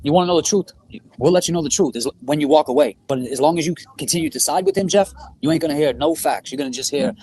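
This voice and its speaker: This is a man, co-hosting a livestream, scornful and profane. His voice is husky, and his pitch swings widely. He talks quickly. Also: expressive, dark tone. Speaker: podcast co-host. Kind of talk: heated livestream rant.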